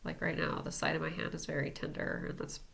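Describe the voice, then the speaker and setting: A woman teaching an energy healing technique in a casual, relaxed way, talking as she demonstrates tapping on herself. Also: sits low, fast, creaky. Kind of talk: casual instructional talk.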